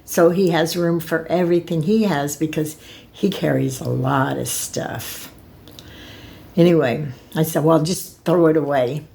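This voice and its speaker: An older woman tells a personal story to her camera in a slow, drawn-out way. Her voice sits a little low, and she rambles, restarting and circling back as her feelings rise. The talk is unscripted and emotional. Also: gravelly, a little mellow. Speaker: vlogger.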